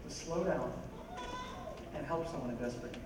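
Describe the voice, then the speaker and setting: A man preaching a sermon to a congregation in a conversational, animated way, often asking the listeners questions. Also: mid-range voice, a little fast. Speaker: pastor. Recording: echoey hall, voice from a distance, background noise.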